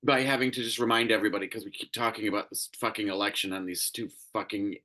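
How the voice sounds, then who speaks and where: A man's voice: lowish voice, steady tone, quick pace, sharp tone. A man hosting a solo commentary show, ranting in a profane, exasperated way, tired and crabby. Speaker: show host.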